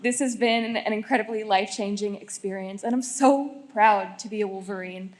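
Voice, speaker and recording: A woman's voice: medium pitch, moderate pace. Emotional young woman graduate, firm. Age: young adult. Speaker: graduating student. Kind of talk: graduation thank-you speech.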